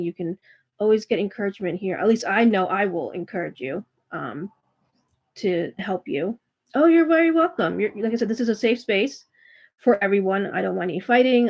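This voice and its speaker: A woman giving a live tarot reading, speaking gently and reassuringly to a viewer, with frequent fillers and restarts. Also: medium pitch. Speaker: tarot reader and spiritual coach hosting a live reading. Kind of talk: live-stream chat with viewers.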